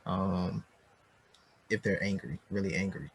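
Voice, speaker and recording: Husky low-voiced man asking questions. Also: measured pace, poor audio. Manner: thoughtful, asks questions, hesitant restarts. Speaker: podcast co-host. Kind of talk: casual conversation.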